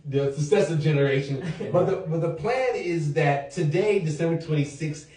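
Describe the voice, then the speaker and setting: This podcast host's voice is on the high side, moving at a moderate pace as he jokes around at a loose round-table, swearing now and then and leading the others in chants. The recording has a roomy echo from a distant mic.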